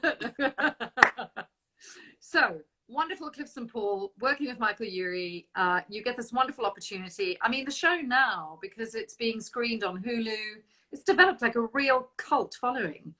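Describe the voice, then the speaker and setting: A woman hosting a live-streamed video-call interview, chatty and quick to laugh. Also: on the high side, animated, bright, forceful tone. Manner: chatty, laughs often, reads viewer comments aloud. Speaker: host.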